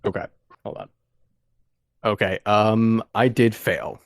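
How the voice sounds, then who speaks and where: A man playing a tabletop game, talking hesitantly with many pauses and restarts. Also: fairly low pitch, no echo, studio quality. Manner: hesitant, full of ums and restarts. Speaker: player.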